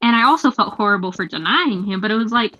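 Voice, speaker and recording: A young woman hosting a casual gaming chat, telling a story in an animated, giggly way. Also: mid-range voice, fast talker. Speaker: host. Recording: lo-fi muffled mic.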